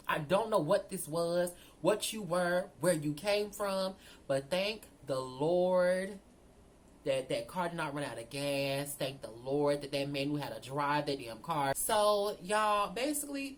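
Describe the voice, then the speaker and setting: A woman telling a storytime vlog, animated and profane, talking straight to her viewers. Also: fairly low pitch. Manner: animated, profane, addresses viewers as girl and y'all. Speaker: storyteller vlogger.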